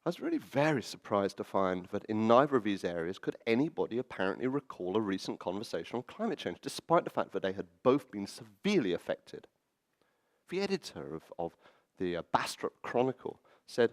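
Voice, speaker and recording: A man giving a storytelling talk at a public event, animated and fond of acting out quoted voices. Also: lowish voice, brisk. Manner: animated, acts out quoted voices and laughs at his own stories. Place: library event hall.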